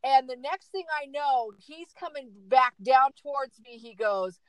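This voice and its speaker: A woman's voice: high voice, expressive, unhurried, fairly bright tone, dry recording, rough recording. A middle-aged woman telling a dramatic story in casual chat, repeating words for emphasis.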